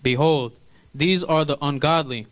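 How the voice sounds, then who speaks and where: Brief: man, somewhat high voice, reads King James verses aloud, steady. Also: unhurried. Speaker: scripture reader. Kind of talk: reading Bible verses aloud.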